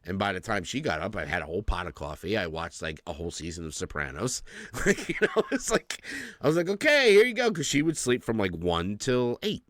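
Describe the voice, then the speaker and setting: Podcast co-host, man in his 40s, low voice with lively swings, dry close sound, swears and laughs a lot. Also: brisk, no echo. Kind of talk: casual chat.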